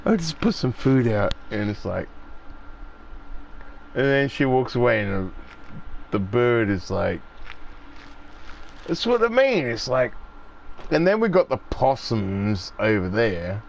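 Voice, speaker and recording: A man's voice: mid-range voice, sing-song, takes it slowly, creaky, long pauses, slight background noise. An Australian man chatting casually on a gaming stream, rambling and swearing freely as he tells stories. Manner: swears freely, acts out voices when telling stories.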